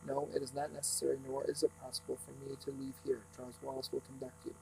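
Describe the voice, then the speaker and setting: A man reading as a quiet, cold red-eyed ruler. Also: mid-range voice, completely flat delivery, fast, vocal fry, slight background noise, close to an everyday voice, low-quality recording. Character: cold calm male alien ruler with red eyes.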